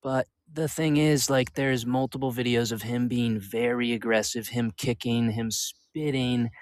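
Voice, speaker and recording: A man arguing as a guest in a live-stream debate, halting and hedging, often restarting his sentences. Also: mid-range voice, steady tone, dry recording.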